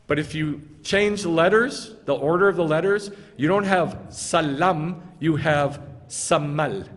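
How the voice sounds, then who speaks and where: Emphatic preaching man in an echoing hall. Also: fairly high pitch. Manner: emphatic, repetitive preaching with rhetorical questions. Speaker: rabbi. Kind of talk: sermon. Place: congregation sanctuary. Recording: long hall reverb.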